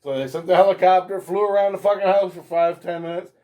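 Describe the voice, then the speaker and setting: A man telling a story as an interview guest, profane and animated, swearing constantly. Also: high voice, quick pace. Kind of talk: casual storytelling.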